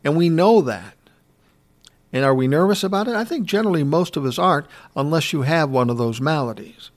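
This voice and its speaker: A man's voice: fairly high pitch, animated, brisk. A man in his sixties hosting a solo podcast, telling personal stories in a candid, reflective, conversational way. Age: 60s. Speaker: podcast host.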